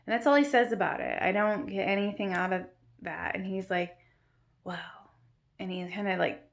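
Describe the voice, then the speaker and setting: Brief: woman, medium pitch, gravelly fry, rambling casual storyteller. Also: steady tone, a little fast. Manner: rambling, many "like" fillers. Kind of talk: casual dream retelling.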